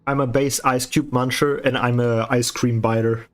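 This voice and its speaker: A man's voice: mid-range voice, little pitch movement, moderate pace. A man chatting casually with his stream viewers while painting, teasing and swearing with a sarcastic edge, chewing ice as he talks. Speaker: livestreaming artist.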